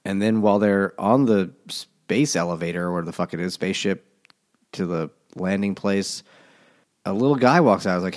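A man with a very deep voice rambles through a plot summary in a casual book discussion. His humor is dry and his language is profane. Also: brisk. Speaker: podcast co-host.

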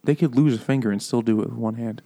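A man's voice: medium pitch, fast talker, creaky, mellow. A man cracking crude jokes in a casual book-club podcast chat, acting out characters in silly voices. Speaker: podcast co-host.

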